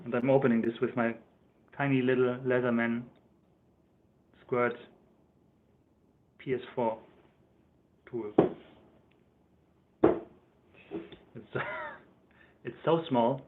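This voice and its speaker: A German-accented man hosts a casual livestream, rambling from one thought to the next and chuckling as he goes. His voice sits at an ordinary middle pitch. The sound comes through thin and tinny, as if over a phone line. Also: flat delivery, drawn-out words, long pauses, noisy background. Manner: chatty, rambling, laughs often, reads out chat comments. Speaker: livestream host.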